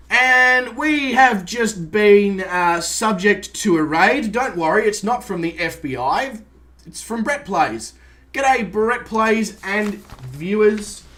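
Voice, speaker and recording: A man's voice: sits high, fairly bright tone. An Australian man chatting casually on a live stream, greeting viewers by name and swearing lightly as he sets up a flight sim.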